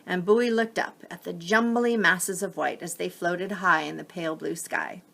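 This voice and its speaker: A woman gently and expressively reading a children's picture book aloud. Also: on the low side, normal speed, vocal fry. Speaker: storyteller.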